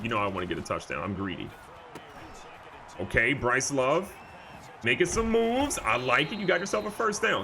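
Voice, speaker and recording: A man giving excitable, jokey live commentary over a football video game, moving from calm play calling to loud outbursts. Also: mid-range voice, slight background noise. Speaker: gaming YouTuber.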